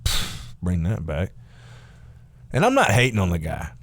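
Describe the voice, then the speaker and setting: Profane rambling man with a lively pitch. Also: measured pace, no room sound. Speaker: vlogger. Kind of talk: casual rant to camera.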